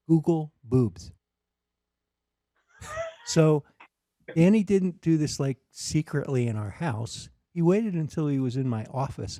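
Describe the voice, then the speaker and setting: Brief: middle-aged dad, lively storyteller, dry close sound. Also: male voice, medium pitch, dry recording. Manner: animated storyteller, acts out voices. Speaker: guest, father telling stories. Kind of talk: casual storytelling chat.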